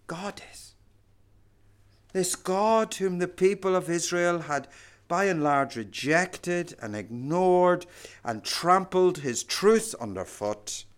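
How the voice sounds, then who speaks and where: A man preaching a sermon, slow and emphatic, swinging from hushed lines to loud ones. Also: high-pitched, expressive, smooth.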